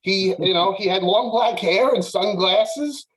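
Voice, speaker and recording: Higher-pitched male panelist, rambling, animated storytelling. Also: unhurried, rough recording. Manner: animated, lots of filler words. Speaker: podcast panelist. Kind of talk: casual storytelling.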